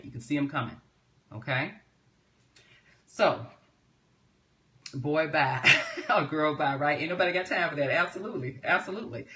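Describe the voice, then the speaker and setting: A woman trainer teaching on a live stream. She talks in a lively, chatty way, laughs often and keeps checking in with "right?". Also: low-pitched. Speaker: personal development trainer.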